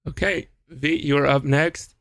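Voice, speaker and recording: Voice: medium pitch, fairly even intonation, slow pace, no echo. A host running a live game show, dry and teasing while calling the turns.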